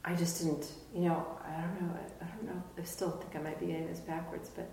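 Woman participant, quiet and uncertain, lowish voice, distant from mic. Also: little pitch movement, fairly quick, a little hiss or hum. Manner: quiet, unsure, trailing off. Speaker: workshop participant. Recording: distant, very echoey room.

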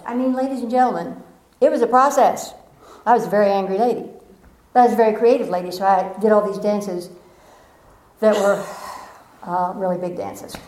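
A middle-aged woman giving a gentle, earnest spiritual talk with playful asides. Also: mid-range voice, echoey room, rough recording. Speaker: spiritual speaker.

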